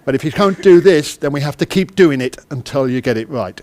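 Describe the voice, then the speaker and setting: A man's voice: on the high side, animated, a little fast, darkish tone, a little hiss or hum. A man from the United Kingdom giving an interactive conference talk. He is chatty and self-deprecating, and he keeps quizzing the audience. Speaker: conference speaker. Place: conference hall.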